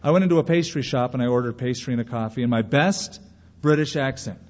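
Pastor preaching in a reverberant hall. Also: male voice, medium pitch, fast talker, a little mellow. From California. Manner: earnest preaching with rhetorical questions and story asides. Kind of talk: sermon. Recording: reverberant hall, dull lo-fi sound.

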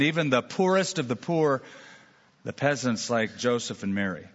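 A man's voice: mid-range voice, very animated, moderate pace. A man preaching a sermon as pastor, telling stories with folksy asides and jokes. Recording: dull long-reverb hall sound.

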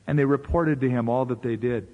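A man's voice: medium pitch, brisk, phone-quality sound. A man preaching a sermon as pastor, talking in a conversational way with rhetorical questions and asides.

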